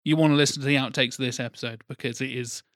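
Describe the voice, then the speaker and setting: A man's voice: mid-range voice, steady tone, very fast, fairly bright tone, no room sound, studio quality. A man hosting a comedy podcast in a chatty, jokey way, often correcting himself. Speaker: podcast host. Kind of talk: casual comedy podcast chat.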